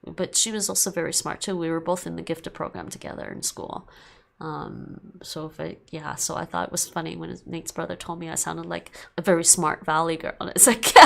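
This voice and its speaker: A woman's voice: fairly low pitch, creaky. A woman streamer in casual end-of-stream chat, rambling, repeating herself and laughing often.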